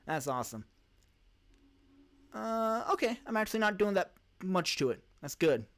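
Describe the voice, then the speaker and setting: This is a male streamer with a voice slightly above the usual pitch. He hosts a relaxed live Q&A, answering chat questions off the cuff. He rambles, restarts and corrects himself, and talks into a desk mic. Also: moderate pace. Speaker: podcast host and live streamer.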